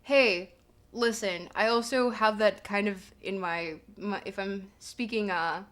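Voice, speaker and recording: A woman's voice: medium pitch, unhurried, a bit bright. A woman streamer chatting casually with her viewers, rambling and giggling with lots of fillers. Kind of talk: casual livestream chat.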